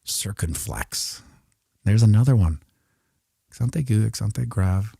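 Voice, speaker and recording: A middle-aged man with a low, mellow voice rambles through live chart commentary. He jokes and mutters asides to himself as he draws. The sound is dry and close. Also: lively intonation, a little slow, vocal fry, slightly rough, dry recording. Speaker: crypto streamer.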